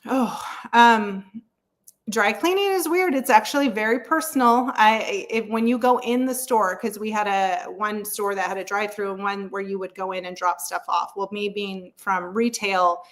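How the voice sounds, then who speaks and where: A woman's voice: medium pitch, steady tone, moderate pace. A woman in her thirties, a real estate agent guest, telling her story in a frank, chatty way with many fillers and frequent laughs. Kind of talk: candid storytelling interview.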